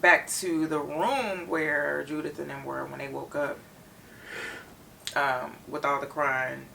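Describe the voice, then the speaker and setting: A woman tells an episode's story in lively detail, her voice bright and heavily gravelly. She sits a little back from the mic. The recording has a slightly distant feel. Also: low voice, slow pace, slight background noise. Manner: expressive storyteller, retells scenes in detail. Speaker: reaction show co-host. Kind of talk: animated episode recap.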